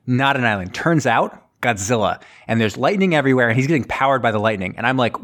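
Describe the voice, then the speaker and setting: A man giving a rambling, profane movie recap on a podcast, acting out characters in quick voices. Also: mid-range voice, a bit bright. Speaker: podcast co-host. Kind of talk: rapid casual movie recap.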